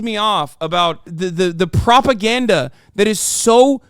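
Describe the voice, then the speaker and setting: A man's voice: sits high, animated, a little slow, few pauses, fairly bright tone, clear, resonant tone, dry recording, studio quality. A man streaming reaction commentary, heated and sarcastic, swearing often.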